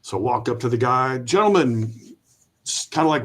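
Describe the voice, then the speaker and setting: A man, an Army veteran guest, telling a lively anecdote and acting out the voices of the people in it. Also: mid-range voice, a little fast. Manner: lively storyteller who acts out quoted voices. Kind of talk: storytelling anecdote.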